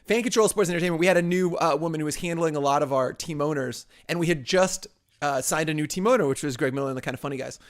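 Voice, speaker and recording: A man's voice: a little high, quick pace. A man co-hosting a show, telling a story in a casual chat, rambling with many fillers and restarts. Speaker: co-host.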